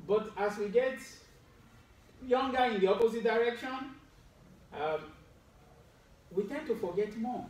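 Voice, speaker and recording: High-pitched guy preaching, quizzing the crowd, dry jokes, far off mic, super echoey hall. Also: a little mellow, a little hiss or hum. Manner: explains with medical detail, asks the audience questions, wry asides. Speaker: preacher giving a Friday sermon. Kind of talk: sermon. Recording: roomy echo, distant mic, faint ambience.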